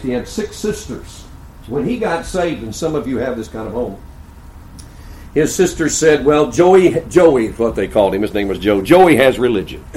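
A folksy older man preaching and spinning humorous stories, his voice at a middle pitch. It rings through an echoey church sanctuary over faint ambient noise. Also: darkish tone. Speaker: pastor. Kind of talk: sermon storytelling.

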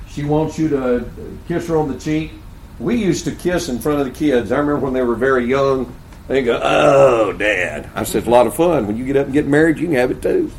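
An older man preaching a sermon in a folksy, storytelling manner, moving between loud emphatic points and quiet, low asides. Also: slight background noise, low-quality recording. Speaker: pastor.

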